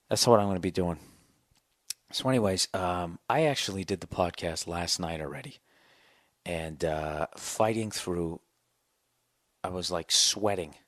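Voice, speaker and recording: Male podcast host, low-voiced, whispered ranting monologue, crude and sardonic, dry close sound. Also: unhurried, pauses often, a bit bright, no echo. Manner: profane, ranting. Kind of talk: casual monologue. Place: home, partner asleep next room.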